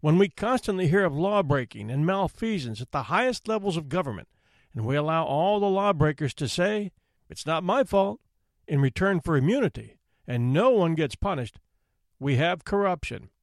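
Expressive male storybook narrator. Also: on the high side, normal speed, dry recording. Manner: expressive, theatrical reading.

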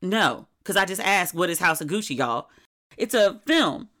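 A middle-aged woman hosting a podcast, chatting casually in a candid, wry, animated way. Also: lowish voice, normal speed. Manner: candid, wry and animated, with sudden quoted outbursts. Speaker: podcast host. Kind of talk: casual solo podcast chat.

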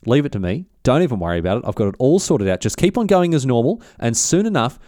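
A man's voice: medium pitch, big pitch swings, fast talker, mellow, no echo, clean studio sound, close to an everyday voice. A man voicing a bold, scheming enslaved ship pilot in a retold history story, speaking in slangy, reassuring, matter-of-fact lines.

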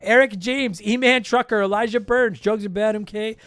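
A man's voice: high voice, steady tone, fairly bright tone, clear, resonant tone, dry recording. A man hosting a podcast, casually joking and rattling off a long list of patron names while his voice is tired and worn. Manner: joking, self-deprecating, rapid list reading. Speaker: podcast host.

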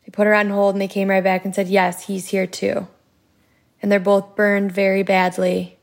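Gravelly, flat-voiced woman recounting. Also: mid-range voice. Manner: halting retelling with many fillers. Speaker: bereaved wife interviewed. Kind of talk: recounted interview testimony.

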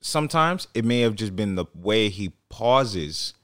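Low-voiced man in casual chat. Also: very animated, a little slow, a bit bright, no room sound, clean studio sound. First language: not English. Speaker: podcast co-host.

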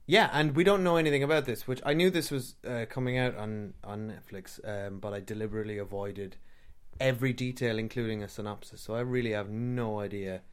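A man's voice: on the low side, steady tone, brisk, clean tone. A man co-hosting a casual chat with his wife at home, rambling with self-mocking restarts. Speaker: podcast co-host. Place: home sofa.

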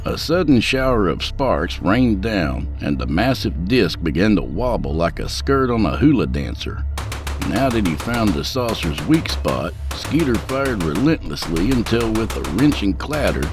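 A man narrating a scripted story in a dry, folksy, humorous way. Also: lowish voice. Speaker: narrator and host.

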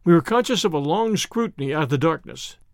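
A man reading a classic detective story aloud in an expressive narration. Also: a little high, quick pace, no room sound, clean studio sound.

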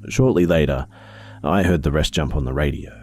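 A man narrating a first-person story in a steady, measured reading. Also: a bass voice.

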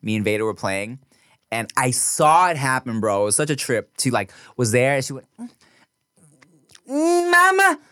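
A man's voice: medium pitch, fairly quick, no room sound, clean studio sound. A man in his thirties, a podcast co-host, telling stories in casual chat, swearing and acting out voices as he goes. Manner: animated storyteller, swearing, acts out voices.

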